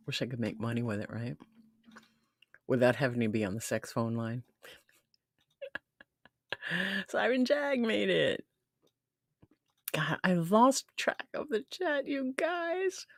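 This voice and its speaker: A woman's voice: very deep voice, very animated, a little slow, pauses often, dry recording, clean studio sound. A woman hosting a casual live stream who chats freely, laughs often and reads comments from the chat aloud. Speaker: livestream host.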